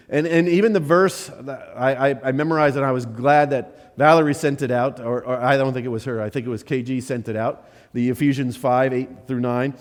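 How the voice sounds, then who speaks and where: A male missionary pastor giving a conversational sermon, often restarting and checking in with "right?". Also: medium pitch. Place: church sanctuary. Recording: church hall reverb.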